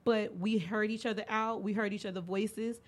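A woman's voice: medium pitch, normal speed. A young woman hosting a podcast, telling candid stories in casual chat and acting out the quoted lines. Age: young adult. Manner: candid storytelling, animated when acting out quotes. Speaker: podcast host.

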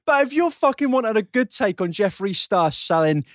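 Sweary young podcast co-host, lively and high-ish, dry close sound. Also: male voice, moderate pace, no room sound. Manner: sweary, rambling, laughs a lot. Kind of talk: casual banter.

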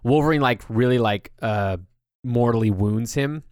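A podcast host chats loosely and casually, using lots of filler words. His mid-range voice is a little mellow and smooth at a moderate pace, in a dry, clean studio recording.

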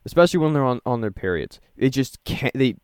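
A young man chatting casually on a podcast, animated, and acting out his own reactions in a raised voice. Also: mid-range voice, fast, clean tone, dry recording, studio quality.

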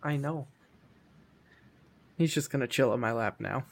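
A man co-hosting a casual podcast chat, speaking hesitantly and softly. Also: mid-range voice, a little slow, vocal fry. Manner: hesitant, soft-spoken.

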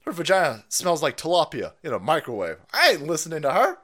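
Male stream host, crude mocking rant, lively pitch swings, slightly higher voice. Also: fairly quick. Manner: profane, mocking, swings between shouting and muttering, laughs often. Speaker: livestream host. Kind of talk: ranting live commentary.

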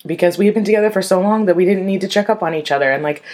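A woman's voice: mid-range voice, rapid-fire, darkish tone. A young adult woman telling a personal story in a candid, conversational way, full of "like" and calling listeners y'all. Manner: candid, conversational, frequent "like" fillers.

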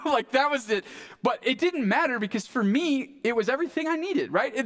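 A man's voice: high voice, fairly bright tone. A male pastor preaching a sermon in a casual, conversational way, often asking "right?".

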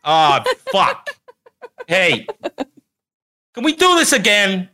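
A man putting on an obnoxious, shouting Hollywood star who swears and barks orders. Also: sits high, wildly swooping pitch, takes it slowly, pitched above the performer's own voice, exaggerated voice. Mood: angry. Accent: British. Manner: yelling, swearing, demanding.

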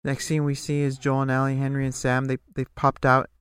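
A man's voice: medium pitch, a little fast, clean tone, no room sound. A man co-hosting a podcast, casually recapping a TV episode and acting out the characters' lines. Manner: relaxed, recaps scenes and acts out lines. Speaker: podcast co-host.

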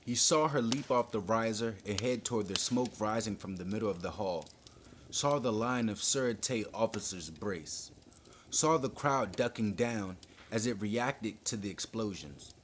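A man's voice: on the low side, lively intonation, unhurried, a little hiss or hum. A man hosting a podcast, reading a thriller chapter aloud with dramatic emphasis. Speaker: podcast host reading a book. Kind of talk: audiobook-style narration.

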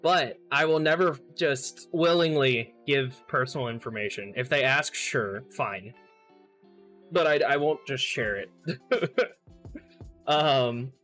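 A man's voice: mid-range voice, animated, measured pace, a bit bright, soft background music. A young man chatting casually as a streamer and podcast host, laughing often, swearing and trailing off mid-sentence. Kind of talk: casual chat.

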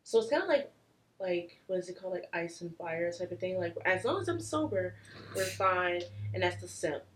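A young woman chats casually on a podcast, pitched slightly low for a woman. She tells her stories in a candid, crude way, full of fillers. It sounds loose and conversational. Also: animated, moderate pace, a bit bright, poor audio. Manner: candid and crude, heavy on "like", telling drinking stories. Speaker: podcast co-host. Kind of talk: casual chat.

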